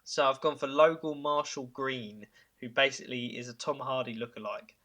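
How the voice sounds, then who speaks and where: A man hosting a casual podcast, pitching ideas with enthusiasm. His tone is bright and forward, with many halting fillers and chuckles. His pitch sits in a middle range. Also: steady tone. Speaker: podcast host.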